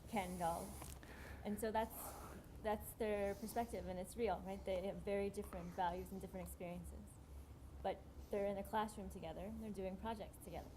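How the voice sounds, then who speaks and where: A woman in the audience asks a question from a distance, her voice faint and far from the mic. She stops and restarts as she works it out, and there is clear room noise around her. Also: mid-range voice, steady tone, a little fast. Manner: hesitant, restarts while asking. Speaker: audience member asking a question.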